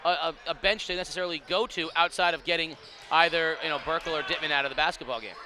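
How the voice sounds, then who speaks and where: High-voiced man doing color commentary. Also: steady tone, fast, sharp tone, a little hiss or hum. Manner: rambling, many restarts and fillers, emphatic analysis. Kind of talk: basketball commentary. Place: high school gym.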